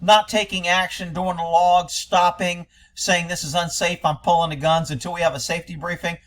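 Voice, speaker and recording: A man with a high-pitched voice gives blunt, scornful commentary on a recorded interview. He talks in a sarcastic, cutting way and curses now and then. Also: fairly even intonation, moderate pace, fairly bright tone. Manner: profane. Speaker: commentator reacting to interview audio. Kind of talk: critical commentary.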